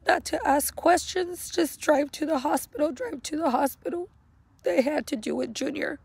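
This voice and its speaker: A middle-aged woman slowly and haltingly retelling a painful memory, speaking outdoors. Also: high voice, gravelly, darkish tone, dry recording. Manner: slow, halting, emotional retelling. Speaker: grieving mother. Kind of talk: personal storytelling vlog. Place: outdoors at a cemetery.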